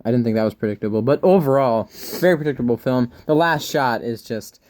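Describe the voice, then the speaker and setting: A man's voice: mid-range voice, quick pace, a little mellow. A young man co-hosting a casual movie review chat, upbeat and full of fillers. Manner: chatty, upbeat, filler-heavy.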